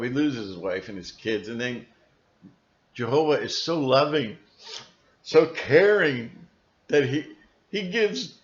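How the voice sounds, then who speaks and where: A man hosting his own channel in a casual, rambling monologue, chuckling and stopping to rephrase himself. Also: medium pitch. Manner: rambling, chuckling, frequent fillers and restarts. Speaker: channel host. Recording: dull lo-fi recording.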